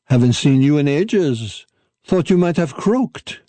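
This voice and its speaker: A man's voice: on the high side, expressive, unhurried, warm tone, no room sound, pitched above the performer's own voice. A man voicing a big male mastiff who is menacing and mocking.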